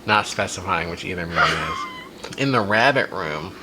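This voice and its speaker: A man reading a silly fan story aloud for a comedy podcast, with deadpan asides on its plot. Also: low voice, moderate pace, background noise. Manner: amused, reads dialogue in a flat deadpan with asides.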